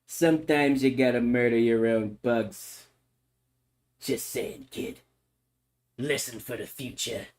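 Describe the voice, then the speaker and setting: A man, a streamer, chatting casually on a livestream in an animated, mock-solemn lecturing way. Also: mid-range voice, slow pace, long pauses, slight background noise. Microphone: microphone.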